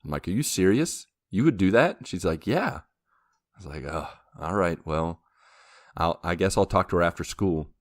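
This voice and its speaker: A young man hosts a podcast, his low, animated voice moving at a moderate pace as he rambles through a long anecdote in casual chat, laughing and acting out quotes along the way. The recording is studio quality, with no echo.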